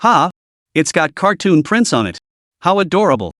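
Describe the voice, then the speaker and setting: A man's voice: fairly high pitch, big pitch swings, moderate pace, fairly bright tone, no echo, studio quality. A man voicing a lazy, teasing young male bodyguard with a sly, mocking manner.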